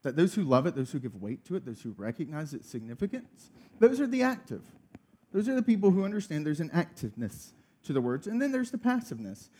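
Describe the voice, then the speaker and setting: Animated high-voiced man preaching. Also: fast, breathy edge. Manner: storytelling, animated, laughing through funny story. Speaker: pastor. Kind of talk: sermon.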